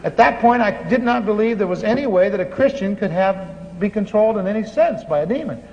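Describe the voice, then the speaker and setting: High-voiced man preaching in a hall. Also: brisk. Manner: animated, laughing storyteller. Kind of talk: sermon storytelling. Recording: muffled hall recording with faint hiss.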